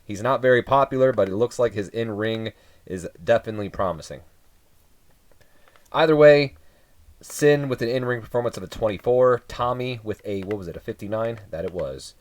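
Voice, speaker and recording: A man's voice: on the low side, moderate pace. A man giving casual game commentary, reading off results with dry, wry asides. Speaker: let's play commentator.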